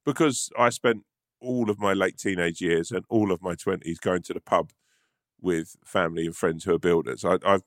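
A man's voice: deep voice, fairly even intonation, moderate pace, no echo, clean studio sound. A man from London telling a long, rambling story in casual chat, swearing freely and restarting sentences often. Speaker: podcast co-host.

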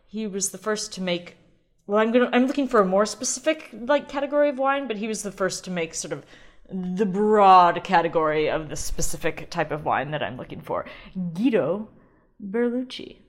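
A woman's voice: medium pitch, lively intonation, normal speed. A woman hosting a casual solo podcast, chatty and rambling, often restarting and laughing. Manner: chatty, rambling, self-interrupting with frequent ums and laughs. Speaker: podcast host.

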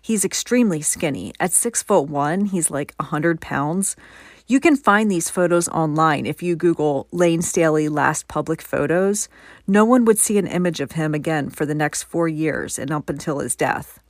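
A woman's voice: low-pitched, moderate pace, no echo, clean studio sound. A woman hosting a podcast, telling a story in a conversational way and adding her own opinions. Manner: conversational, gives personal opinions. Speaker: podcast host. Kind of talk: scripted podcast narration.

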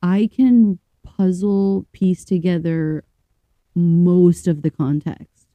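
A woman co-hosting a podcast, chatting casually, reading stories aloud and thinking out loud with fillers and restarts. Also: lowish voice, fairly even intonation, takes it slowly, no echo, dull audio. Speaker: podcast co-host.

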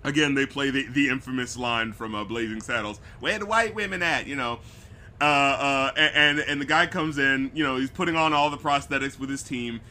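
A man's voice: medium pitch, normal speed, pushed and bright, slight background noise. A man co-hosting a casual movie review chat, sarcastic and swearing often, acting out scenes in silly voices. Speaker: podcast co-host.

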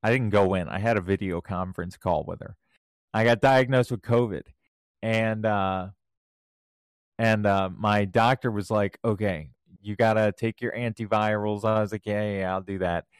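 A man co-hosting a podcast, telling anecdotes casually and getting animated when he acts out what others said. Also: fairly low pitch, normal speed, smooth, no echo, clean studio sound. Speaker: podcast co-host.

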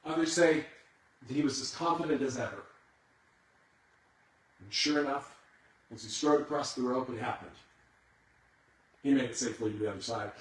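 A man's voice: medium pitch, normal speed, pauses often. A man preaching a sermon as a dramatic storyteller who builds suspense. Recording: echoey hall, far from the mic.

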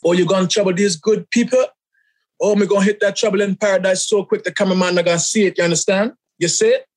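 A man doing an exaggerated Jamaican accent as a money-hungry, boastful showman who shouts and drags out his words. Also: sits high, steady tone, fast. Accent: Jamaican, put on.

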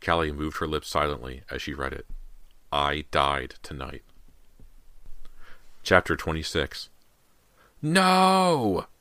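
A man with an extremely deep voice reads a horror audiobook in a suspenseful, dramatic way. His tone is bright and forceful for so low a pitch, and the sound is close and dry. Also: no echo. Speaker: audiobook narrator.

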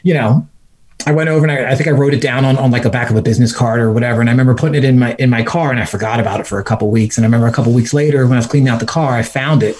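A man chatting as a podcast guest, rambling through a story with plenty of "like" and "you know." He laughs along as he tells it and acts out the lines he and others spoke, in a voice of middling pitch. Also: rapid-fire, husky. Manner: animated, laughs mid-story, acts out his own quotes. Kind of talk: casual storytelling.

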